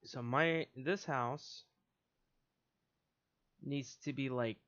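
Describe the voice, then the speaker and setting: A man's voice: mid-range voice, very slow, a bit bright, dull audio. A man livestreaming a build, ranting in exasperated, profane casual commentary. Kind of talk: casual live-stream commentary while building.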